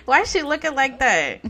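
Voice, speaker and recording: A woman giving casual let's-play commentary on a life-sim game, animated, laughing often, swearing and talking straight to viewers. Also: sits high. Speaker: Sims gameplay YouTuber.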